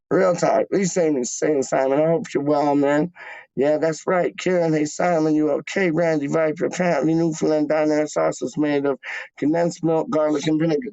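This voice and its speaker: Casual guy bantering with chat, gravelly, dry dull lo-fi sound. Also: fairly high pitch, a little mellow, no echo. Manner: laid-back slangy banter, repeats phrases. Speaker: livestream host reading chat.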